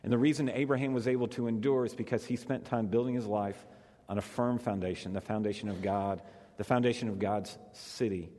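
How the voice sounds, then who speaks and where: A man's voice: on the low side, fairly even intonation, a little fast, dark tone. A male pastor preaching a conversational sermon to a congregation, repeating phrases for emphasis. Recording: long hall reverb.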